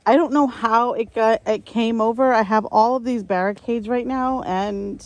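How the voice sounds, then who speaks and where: A woman from upstate New York talking to her camera while she tends her garden, sighing, hesitant and thinking out loud. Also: fairly high pitch, fairly even intonation, normal speed, hardly any pauses, no room sound. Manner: sighing, hesitant, talks to herself while working. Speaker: gardening vlogger. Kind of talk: casual vlog narration. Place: outdoor garden.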